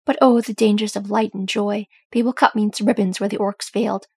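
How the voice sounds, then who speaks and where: A gruff dwarf warrior torn up with feeling, as a woman reads him aloud, growling out his laments. The voice is gravelly and somewhat husky. It is a dry, close audiobook reading. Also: medium pitch, steady tone, brisk, darkish tone, dry recording. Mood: lamenting. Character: stout-hearted dwarf warrior, emotional and gruff.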